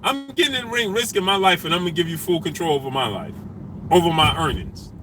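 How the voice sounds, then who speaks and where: A man hosting a boxing talk stream, repeating himself emphatically and shouting out viewers by name. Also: sits high, fast, background noise. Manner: animated, repetitive, emphatic street talk. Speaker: boxing talk show host.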